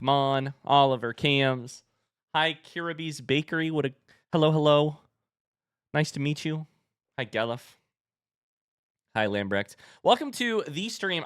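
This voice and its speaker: Male stream host, joking game-show patter, smooth clear voice, dry close sound. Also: medium pitch, fairly bright tone, no echo. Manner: playful, jokey game-show banter. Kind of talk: live-stream chat.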